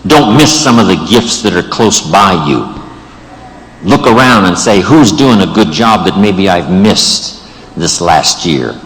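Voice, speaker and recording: A man's voice: low-pitched, lively intonation, measured pace, a bit bright, big-room sound, low-quality recording. A man giving an emphatic motivational speech to a live audience in a large event room, building rhetorical lists of phrases. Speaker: motivational speaker.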